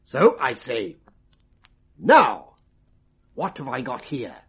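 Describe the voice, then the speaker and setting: A brash stage mind-reader, breezy and wheedling, full of slang. His voice is gravelly and husky, and it swings wildly up and down. This is vintage radio drama acting. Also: on the high side, huge pitch swings, moderate pace, full character voice.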